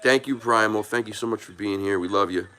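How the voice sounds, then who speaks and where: A man's voice: on the low side, fairly quick, sharp tone, smooth. A man hosting a casual live stream, thanking viewers by name and talking earnestly in a rambling way with many restarts, moved by the support. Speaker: YouTube live stream host.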